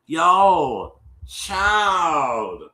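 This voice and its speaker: A man hosting a stream, retelling a reality episode in casual chat, animated and exasperated, with many restarts. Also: fairly high pitch, very slow. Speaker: show host recapping an episode. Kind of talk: casual storytelling recap. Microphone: streaming setup. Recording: echoey room.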